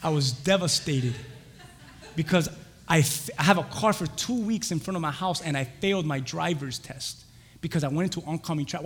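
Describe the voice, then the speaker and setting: A young man preaching a sermon, telling a lively personal story with laughter and acted-out voices. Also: fairly high pitch, brisk, slightly rough. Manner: animated, laughing, acts out voices in his stories. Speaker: pastor. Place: church. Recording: church hall reverb.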